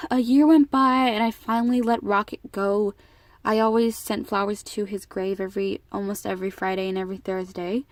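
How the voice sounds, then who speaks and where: A woman's voice: mid-range voice, fairly even intonation, a little fast, dry recording. Emotional teen girl vlogger, dry sound. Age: teens. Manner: emotional, rambling, frequent restarts. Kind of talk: casual storytelling vlog.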